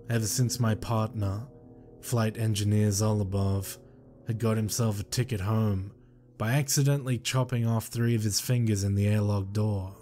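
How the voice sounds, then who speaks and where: A man narrating a horror story in a slow, measured, somber way. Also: lowish voice, mellow.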